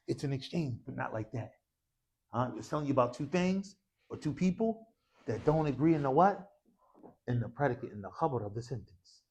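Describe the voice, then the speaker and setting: A man's voice: mid-range voice, a little fast. A man teaching an Arabic grammar class in a mosque, leading his students through drills and slipping into slangy asides. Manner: animated, calls for repetition, slangy asides.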